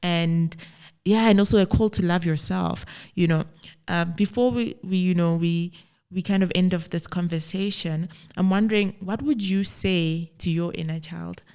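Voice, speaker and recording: A woman's voice: fairly low pitch, steady tone, moderate pace, darkish tone, smooth. A woman hosting a podcast, speaking in a reflective, affirming way with many filler phrases. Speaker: podcast host, life coach. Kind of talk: reflective conversational interview.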